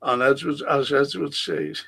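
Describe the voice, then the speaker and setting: A man's voice: medium pitch, fairly even intonation, a little slow, creaky, pushed and bright, breathy edge. A middle-aged man, hosting a podcast and reading out viewer comments in a rambling, chatty way. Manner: chatty, rambling, frequent restarts and fillers. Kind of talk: casual livestream chat.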